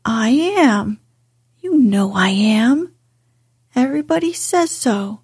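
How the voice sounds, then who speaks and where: A woman's voice: fairly high pitch, expressive, takes it slowly, a little mellow, no room sound, studio quality, exaggerated voice. A woman doing a sulky, whispery sickly boy. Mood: petulant. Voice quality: breathy whisper. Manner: sulky, self-pitying. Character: sickly spoiled petulant young boy.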